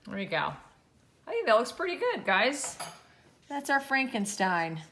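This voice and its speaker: A woman teaching a children's drawing lesson, gently talking through each step as she draws. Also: fairly high pitch, sing-song, a little slow, slight background noise. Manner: gentle, encouraging, talks while drawing. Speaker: art teacher.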